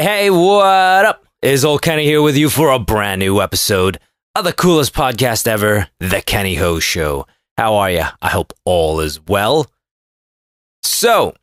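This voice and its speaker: A man's voice: mid-range voice, a bit bright, clear, resonant tone, dry recording, clean studio sound. A man hosting his own podcast, rambling in a sarcastic, irreverent solo monologue. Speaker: podcast host.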